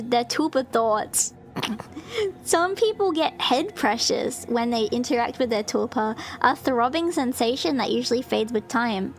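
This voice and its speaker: A woman with a high, bright voice hosts a casual live stream. She reads a passage aloud in a loose, chatty way, full of "um"s and "like"s. She keeps breaking into giggles and squeaky cries of disbelief. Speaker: VTuber streamer.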